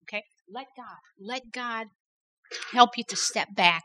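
A woman's voice: fairly high pitch, unhurried, fairly bright tone, slight background noise, rough recording. A middle-aged woman sharing a faith testimony at a women's workshop, earnest and repeating words for emphasis. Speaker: women's conference workshop speaker.

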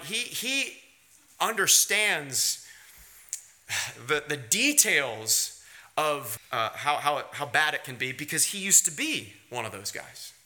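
A man preaching a sermon, hitting key words in high emphatic bursts, then easing into quiet, wry storytelling. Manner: drops to quiet, wry storytelling with light laughs. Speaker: pastor.

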